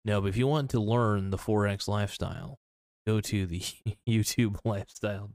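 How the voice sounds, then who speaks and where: A man talks through his opinions casually, rambling, blunt and quick to swear. His voice sits fairly low. The sound is dry and close, with no room around it. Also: fairly even intonation, a little mellow, dry recording. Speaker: commentator. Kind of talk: casual reaction commentary.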